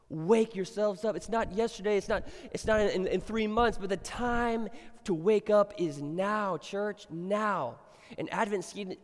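A middle-aged man preaching a sermon as pastor, chatting with the congregation, then building to emphatic exhortation. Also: high-pitched. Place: church sanctuary. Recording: long reverb of a church hall.

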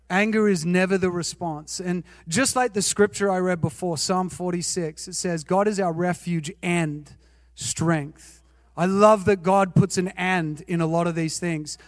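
A man's voice: sits high, unhurried, dry recording, in a large hall. A male pastor preaching a sermon, telling self-mocking personal stories and asking his listeners questions. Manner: animated, self-mocking, asks the audience questions.

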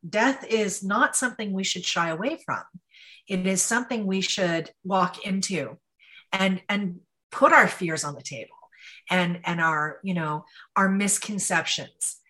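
A woman co-hosting a casual talk show as a psychic medium, telling a personal story in an animated, emotional way with many restarts. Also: medium pitch.

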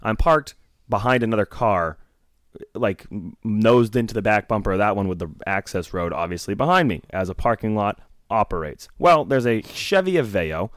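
Low, smooth, dry-mic male co-host, profane rambling storyteller. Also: expressive, normal speed, no echo. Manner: profane, rambling, laughing anecdote-telling. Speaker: podcast co-host. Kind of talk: casual storytelling on a podcast.

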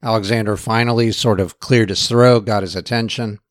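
A man's voice: lowish voice, moderate pace, no room sound, clean studio sound. A man giving a storytelling history lecture. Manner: relaxed storyteller.

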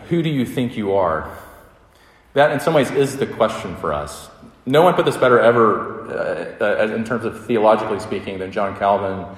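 A man preaching a sermon and leading a prayer, speaking earnestly and conversationally and often repeating phrases. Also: fairly low pitch. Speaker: pastor. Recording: roomy, echoing hall.

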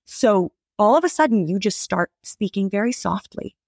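A woman's voice: mid-range voice, animated, normal speed, dry recording. A woman guest on a comedy podcast, giving mock-serious bad advice in a dry, sarcastic manner. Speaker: guest, public defender. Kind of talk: deadpan comedic podcast banter.

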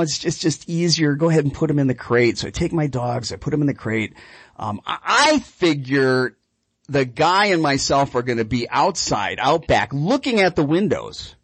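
A man with a husky voice hosts a radio show, telling a story in a swinging, animated tone. His talk rambles and doubles back on itself. The sound is close and dry, with no room behind it. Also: on the high side, moderate pace, no room sound. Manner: lively, rambling anecdote with repeated words. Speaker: radio show host and dog trainer.

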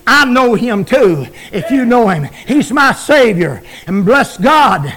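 A man preaching a shouted revival sermon, chanting and repeating phrases as he builds to shouts. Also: very high voice, big pitch swings, slow pace, hardly any pauses, poor audio. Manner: chanting, repetitive, rises to shouts.

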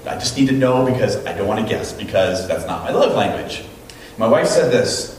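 Animated male pastor in an echoey hall. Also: lowish voice, normal speed, slight background noise. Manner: animated storytelling, acting out quotes. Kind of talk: sermon. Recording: very echoey room, mic at a distance.

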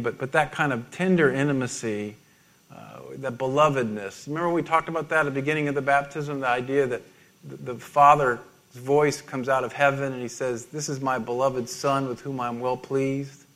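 A middle-aged man preaching a sermon, halting and self-deprecating, with many restarts and small laughs. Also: mid-range voice, fairly bright tone. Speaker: pastor.

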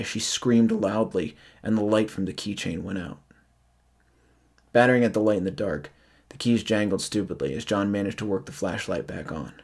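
A man reading a horror story aloud in a measured, somber way. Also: on the low side, darkish tone, breathy edge. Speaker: narrator. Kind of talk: scripted horror narration.

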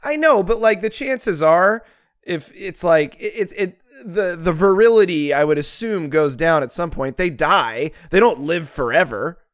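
A man co-hosting a podcast in casual banter, crude and quick to get outraged. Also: sits high, lively intonation, dry recording, clean studio sound. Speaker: podcast co-host.

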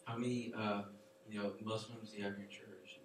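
A man, giving a relaxed, conversational sermon full of fillers and hedges as a youth pastor. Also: lowish voice, a little fast, background noise. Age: 20s. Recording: very echoey hall, voice picked up from far away.

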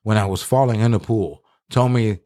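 A man's voice: fairly low pitch, normal speed, mellow. Profane rambling man telling stories. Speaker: podcast co-host. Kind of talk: casual chat, storytelling.

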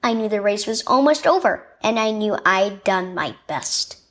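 A woman voicing an earnest, tender young boy in a children's story, with an eager, pitched-up manner. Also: lively intonation, normal speed, fairly bright tone, lightly acted.

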